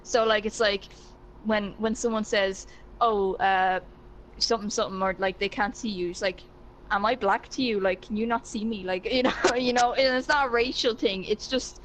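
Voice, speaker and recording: An Irish woman with an Irish accent chats casually as a guest, filling her speech with "like." Her voice is mid-range and fairly bright, with fairly even intonation and normal speed. The recording is low quality, with a little hiss or hum.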